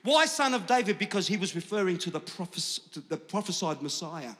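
A man preaching with great passion, swinging between quiet, hushed lines and full-throated shouts. His voice sits high and sounds forceful and bright. It rings out across a large church hall with a long, lingering reverb. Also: expressive, fairly quick. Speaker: pastor. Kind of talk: sermon.

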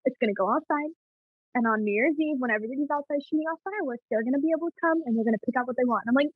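A young woman, a podcast guest, telling family stories in a casual, animated way and laughing often. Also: high-pitched, fast, slightly rough, dry recording. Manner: giggly, animated storytelling. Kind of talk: casual chat. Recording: dull lo-fi sound.

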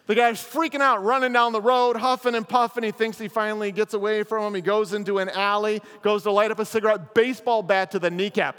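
A man preaching a chapel sermon as a pastor, telling a story with lively acted-out lines. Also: high-pitched, fairly quick, few pauses, smooth, big-room sound. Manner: animated storyteller, acts out characters' lines. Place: chapel or meeting hall.

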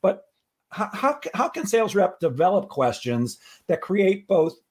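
A man's voice: high-pitched, big pitch swings, a little slow, slightly rough. A male interview host and sales trainer, talking emphatically with frequent restarts and blunt humor. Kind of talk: conversational interview.

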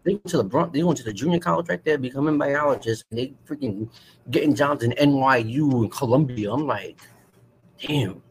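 Animated New guy telling stories. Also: medium pitch, a little fast, a little hiss or hum, poor audio. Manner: animated, storytelling. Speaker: podcast co-host. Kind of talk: casual podcast banter.

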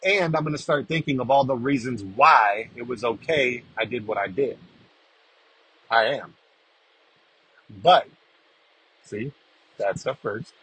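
Man, rough husky voice, bright tone, blunt casual podcast talk, swears, keeps asking "right?". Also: mid-range voice, takes it slowly, long pauses, poor audio. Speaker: podcast host. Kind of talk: freestyle recovery podcast monologue.

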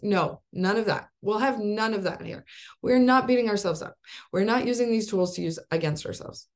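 Upbeat coach lady in her 40s on a zoom call, kinda gravelly, laughs a lot. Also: mid-range voice, fairly quick, darkish tone. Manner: upbeat, laughs often, rhetorical questions. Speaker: life coach hosting a support group call. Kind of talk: encouraging coaching talk. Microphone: video call.

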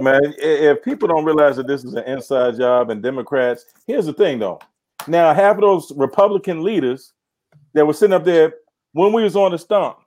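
Male podcast co-host, slightly high voice, earnest political talk. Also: darkish tone. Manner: agreeing interjections, then earnest argument. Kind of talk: political commentary.

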